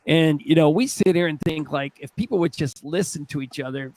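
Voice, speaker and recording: A man's voice: fairly high pitch, fairly quick, darkish tone, slight background noise, rough recording. A man co-hosting and moderating a panel discussion over a video call, easygoing and a bit rambling. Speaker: co-host and moderator.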